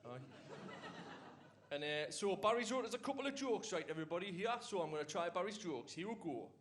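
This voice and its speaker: A young man with a Geordie accent doing a rambling, deadpan stand-up comedy set with dialect fillers. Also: high voice, a little fast. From Newcastle, England. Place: comedy club stage with a live audience.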